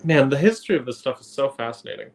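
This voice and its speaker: A man's voice: medium pitch, animated, quick pace, gravelly. A man in a casual livestream chat, telling stories and history tidbits from memory. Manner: storytelling, fond of history tidbits.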